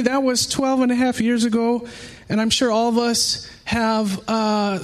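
High-voiced man preaching earnestly. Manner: earnest, emotional, conversational preaching. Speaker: pastor. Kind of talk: sermon with personal testimony.

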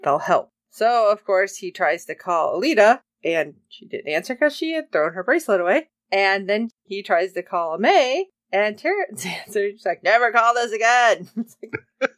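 Lively woman retelling a show. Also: medium pitch, normal speed, no room sound, studio quality. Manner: animated storytelling, acting out characters' lines with jokey asides. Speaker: podcast co-host recapping a TV episode. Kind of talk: casual chat.

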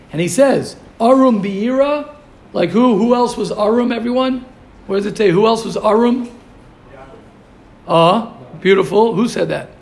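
High, gravelly rabbi teaching. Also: male voice. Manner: animated, rhetorical questions, Yiddish and Hebrew terms. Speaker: yeshiva teacher. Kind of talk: Torah class lecture.

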